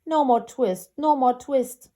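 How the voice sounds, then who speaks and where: A chorus of tiny, cheeky mice chanting nursery rhymes in a lilting sing-song, as a woman reads them aloud. The voices sit a little higher and softer than the reader's own, with a slow, mellow lilt.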